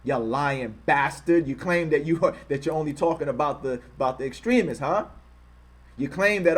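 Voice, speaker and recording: Hosting his own channel, this man talks at an ordinary speed in a somewhat high voice. He reads quotes aloud amid fiery commentary, hurling angry insults at his target, repeating lines for emphasis, and saying he's attempting to keep his harsh words in check.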